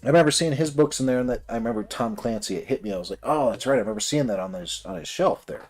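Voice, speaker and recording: A man's voice: mid-range voice, rapid-fire, a little mellow. A man telling a long personal story in a rambling, casual way while building a model kit on a livestream. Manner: rambling, many fillers and restarts.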